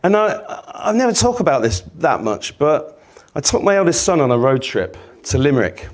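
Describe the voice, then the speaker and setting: English guy in his 50s, sweary and jokey, voice swoops up and down a lot, a bit high for a bloke. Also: very animated, moderate pace. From England. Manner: sweary, rambling, jokey, laughing. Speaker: speaker. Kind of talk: casual storytelling talk.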